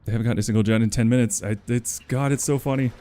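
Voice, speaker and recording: A man's voice: medium pitch, steady tone, racing, mellow, slight background noise. A man live-streaming a game as the killer, chatting casually, giggling often and mocking himself.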